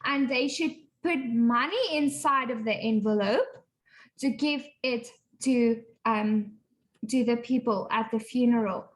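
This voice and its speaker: A woman's voice: high voice, takes it slowly, a bit bright, low-quality recording. A woman teacher reading a textbook dialogue with pupils, patiently explaining words and repeating phrases. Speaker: English teacher.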